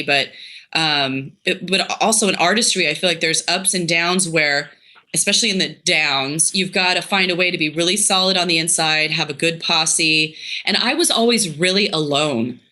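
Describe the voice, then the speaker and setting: A podcast host speaking reflectively and openly, trailing off and restarting, speeding up when excited. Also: mid-range voice, a little fast. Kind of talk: reflective conversational chat.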